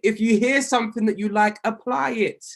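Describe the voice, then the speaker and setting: A man with a notably high voice leads a motivational coaching call for traders. He preaches with emphasis, driving each point home by saying it again and again. He is heard over an online group call. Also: fairly even intonation, moderate pace, creaky. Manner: emphatic and preachy, repeats key phrases. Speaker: trading mentor.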